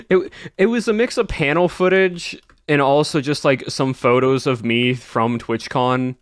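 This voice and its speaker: Smooth-voiced man chatting on stream. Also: mid-range voice, no room sound, clean studio sound. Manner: rambling, full of "like" and restarts, laughs often. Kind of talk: casual chat to stream viewers.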